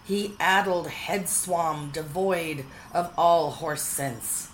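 A woman reading a storybook aloud in a playful, expressive manner. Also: sits low, slow, a little hiss or hum, rough recording. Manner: playful, expressive, shifting into character voices.

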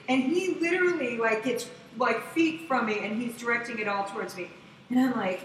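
A woman telling a story in casual chat, excitable and profane, acting out what people said in loud voices. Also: a little high, fairly quick. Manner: profane, excitable, acts out quotes loudly. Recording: echoey room, distant mic, faint noise.

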